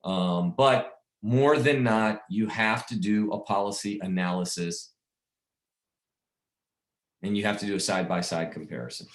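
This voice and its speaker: Man, low voice, insurance sales coach, rambling, repeats words, echoey room. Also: unhurried. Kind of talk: casual sales training talk.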